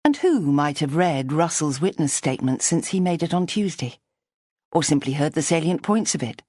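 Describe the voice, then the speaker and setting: Low-voiced woman narrating a mystery. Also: animated, normal speed, darkish tone, dry recording, clean studio sound. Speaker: audiobook narrator. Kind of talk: scripted narration.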